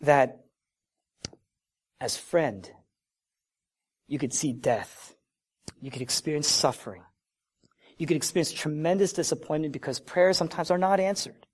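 A man preaching a sermon, animated, swinging between loud emphatic lines and low, quiet ones. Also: a little slow, long pauses. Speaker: pastor.

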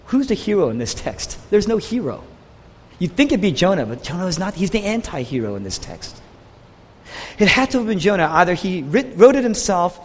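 A man preaching a sermon with an impassioned delivery that swings from quiet to raised, with a husky voice. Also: high voice, in a large hall.

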